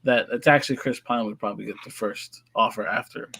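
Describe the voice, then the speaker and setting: A man's voice: on the low side, steady tone, fast, gravelly, pushed and bright. A man in a casual podcast chat who relays casting news and corrects himself mid-sentence. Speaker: podcast co-host.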